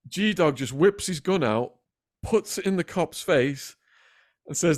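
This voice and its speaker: A man's voice: fairly high pitch, takes it slowly, long pauses. English man telling a wild story. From England. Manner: lively, acts out quoted voices, swears freely. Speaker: guest storyteller. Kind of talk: animated true-crime storytelling.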